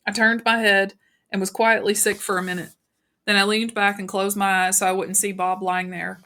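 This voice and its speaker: A woman reading a novel aloud in an even, unhurried narration with small slips. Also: medium pitch. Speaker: audiobook narrator.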